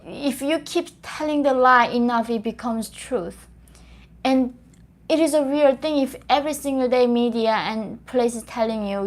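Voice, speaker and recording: A woman's voice: on the high side, unhurried. A young woman from North Korea, a native Korean speaker, talking earnestly to an audience in English and often repeating and restarting phrases. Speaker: host.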